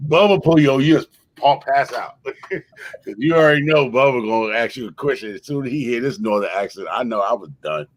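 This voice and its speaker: A man's voice: mid-range voice, fairly quick, rough recording. A man, hosting a stream and telling exaggerated comic stories with lots of laughter. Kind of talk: joking storytelling on a livestream.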